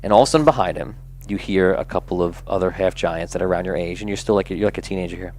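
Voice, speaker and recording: A man's voice: sits low, rapid-fire, darkish tone, slight background noise. A man narrating as game master of a tabletop game in a casual, chatty way. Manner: casual, laughs often, chatty.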